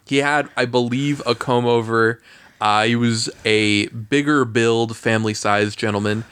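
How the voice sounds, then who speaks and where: A man in casual chat on a podcast, telling an animated story and laughing often. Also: medium pitch, unhurried, clean tone.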